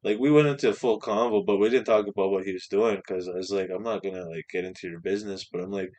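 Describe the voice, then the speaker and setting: A man's voice: sits low, fast talker. A young man from Canada telling a rambling, profane story on a casual podcast, acting out the other people's lines. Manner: swearing, animated anecdote with quoted voices. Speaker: podcast guest.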